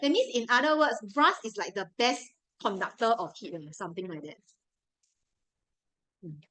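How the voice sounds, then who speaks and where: A woman's voice: fairly high pitch, sing-song, normal speed, fairly bright tone, low-quality recording. Chatty Singaporean woman tutor. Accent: Singaporean English. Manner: chatty, repeats key points, coaxing. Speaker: science tutor. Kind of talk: live revision class.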